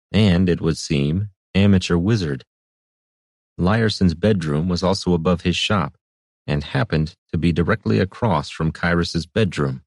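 A man with a deep voice narrates a fantasy audiobook in a measured, even storytelling style. The recording is clean studio sound with no room echo.

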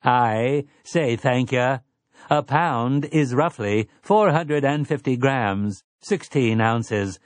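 A man's voice: medium pitch, slow, dry recording, pitched above the performer's own voice, lightly acted. Give me a man doing a complacent robot with a precise, mechanical delivery, dry and close. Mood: smug. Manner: prim, precise, mechanical diction. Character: smug, complacent male robot with odd formal speech.

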